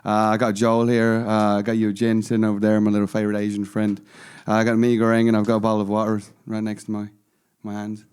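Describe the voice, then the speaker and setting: A man's voice: fairly low pitch, completely flat delivery, quick pace, darkish tone, clear, resonant tone, lightly acted. A man doing a Scottish Glasgow accent as a joke, playing a rambling, cheerful young Glaswegian in casual podcast chat. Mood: playful. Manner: put-on chatty storytelling, rambling.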